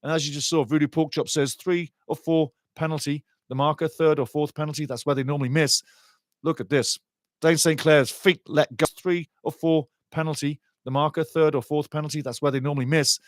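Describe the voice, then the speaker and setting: A man calls a soccer match live as a passionate fan. His voice sits a little high and swings from low muttering to excited shouting. The sound is dry and close, with no room echo. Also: fairly quick. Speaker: live watchalong commentator.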